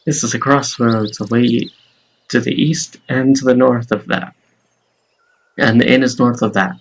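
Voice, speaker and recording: A man's voice: medium pitch, fairly even intonation, a little slow, gravelly, poor audio. A man reading the lines of a courteous male stranger from a fantasy game, with old-fashioned, formal phrasing.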